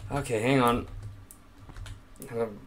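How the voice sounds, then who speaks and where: A man giving let's play commentary, excitably talking to the game's items and swearing playfully. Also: mid-range voice, extremely slow, a little hiss or hum. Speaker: gaming YouTuber.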